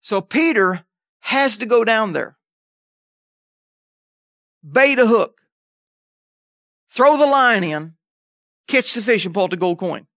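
A man's voice: high-pitched, animated, slow, pauses often, fairly bright tone, no room sound, clean studio sound. A man preaching a sermon in a conversational way, checking in with the congregation as he goes. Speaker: pastor.

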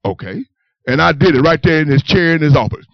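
High-voiced man giving church testimony. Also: quick pace, vocal fry, no room sound, lo-fi sound. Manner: animated storytelling with repeated "you understand". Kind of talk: personal testimony told to a congregation.

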